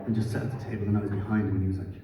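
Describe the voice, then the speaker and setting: A man telling a rambling, self-deprecating story on a theatre stage, halting with fillers. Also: lowish voice, little pitch movement. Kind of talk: live on-stage anecdote. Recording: echoey hall from far off, dull audience recording. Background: audience noise.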